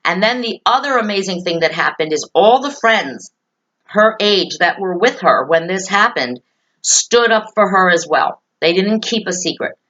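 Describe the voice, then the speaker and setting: A woman's voice: medium pitch, lively intonation, normal speed, fairly bright tone. Earnest woman repeating reassurances, lo-fi sound. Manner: emphatic, repeats key phrases for reassurance. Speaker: host. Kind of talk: earnest direct talk to parents and children.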